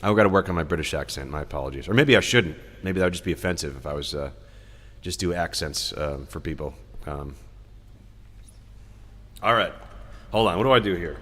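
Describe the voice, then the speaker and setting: A man's voice: low-pitched, animated, fairly quick, a bit bright, in a large hall. A man hosting a live music stream, chatting casually between songs, rambling and joking as he reads viewer comments aloud.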